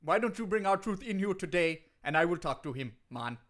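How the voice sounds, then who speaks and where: A man's voice: sits high, expressive, fairly quick, fairly bright tone. A man putting on a breezy Jamaican-accented wrestler. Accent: put-on Jamaican. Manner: sing-song, ends lines with "man". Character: cocky male pro wrestler champion, breezy, evasive.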